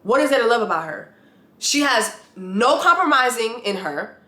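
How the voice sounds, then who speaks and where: A woman vlogging a blunt, animated rant with free swearing, reviewing a reality show. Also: fairly high pitch, moderate pace, reverberant. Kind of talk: casual opinionated vlog rant. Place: lives in Atlanta.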